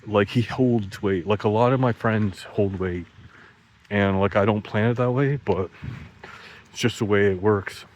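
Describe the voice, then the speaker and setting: Speaking a little slowly in a fairly low, slightly mellow voice, a man rambles through casual stories packed with "like" and restarts. He curses freely, laughs at his own jokes, and raises his pitch when quoting himself, all on a rough recording.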